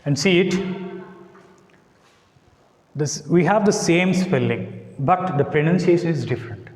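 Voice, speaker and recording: A man with an Indian English accent teaching an English lesson, speaking slowly and deliberately and repeating words to model their stress. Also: a little high, lively intonation. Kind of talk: classroom lecture. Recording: echoey classroom, voice sometimes off-mic.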